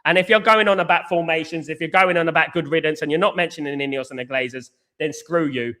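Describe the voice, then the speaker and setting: A man's voice: fairly high pitch, fast, pushed and bright. A man hosting a live football fan reaction stream, reading viewer comments aloud and ranting passionately, swearing and repeating his points to the chat. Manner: addresses chat viewers directly as guys and mate. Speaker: football fan channel host.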